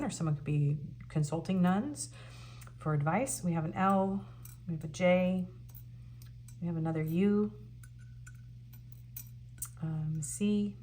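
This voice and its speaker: A woman's voice: on the low side, a little mellow, slight background noise. A woman doing a casual pick-a-card tarot reading, musing as she reads out card messages with frequent ums. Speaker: tarot reader.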